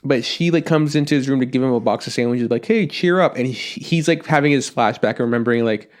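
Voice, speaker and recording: Fast-talking and medium-pitched, this anime podcast co-host rambles casually, packing in fillers and performing quotes.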